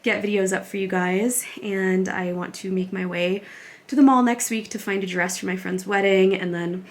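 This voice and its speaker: A woman's voice: medium pitch, fairly even intonation, normal speed. A young woman, a beauty vlogger and mother, chatting casually to the camera at home in a bubbly, gushing way with plenty of fillers. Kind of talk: casual vlog chat to camera. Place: at home, in her mud room.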